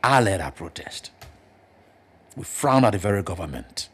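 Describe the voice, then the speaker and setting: Animated Liberian man arguing politics. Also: normal speed, slightly rough. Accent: Liberian English. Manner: emphatic, animated, jumps up in pitch to press points. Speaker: panelist. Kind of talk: political talk show discussion.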